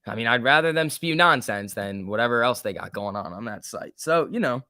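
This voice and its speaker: A young man hosts a stock trading livestream in a casual, joking way, reading the chat aloud. His voice sits at a middle pitch and swings between loud bursts and soft asides. The sound is dry and close, with no room echo. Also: animated, a little fast, smooth.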